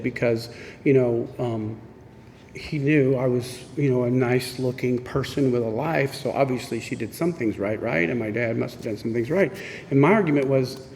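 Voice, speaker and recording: A man's voice: medium pitch, normal speed, darkish tone. Candid man telling his story in an echoey hall. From Missouri. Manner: candid, self-mocking storytelling that acts out quoted exchanges. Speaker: speaker at a recovery meeting. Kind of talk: personal recovery story told to a meeting. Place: meeting room. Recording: echoey hall with faint background noise.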